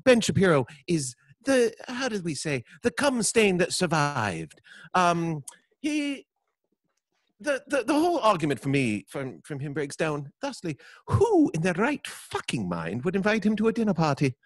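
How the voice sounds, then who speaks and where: A man's voice: wildly swooping pitch, a little slow, no echo. A man co-hosting a podcast, mocking and theatrical in casual banter. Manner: mocking, theatrical, swings between high and low pitch. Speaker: podcast co-host.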